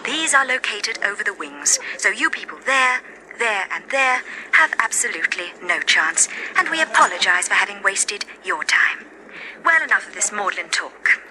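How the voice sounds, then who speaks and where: A woman's voice: medium pitch, big pitch swings, normal speed, bright, forceful tone. A woman playing a chief stewardess in a comedy sketch, giving a mock safety announcement in a prim, formal manner. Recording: noisy old album recording with audience laughter.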